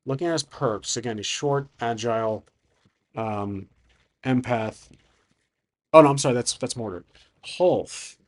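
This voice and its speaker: A man's voice: medium pitch, a little slow, pauses often. Hesitant man narrating a solo game. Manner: thinking aloud, hesitant, many restarts.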